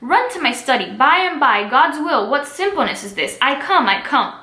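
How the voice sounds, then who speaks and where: A stern older friar lectures and counsels in an earnest, read-aloud manner, as a woman reads his part. Her voice is bright and forceful and lifts a little high. The recording sounds echoey, as if made in a bare room. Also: animated, moderate pace.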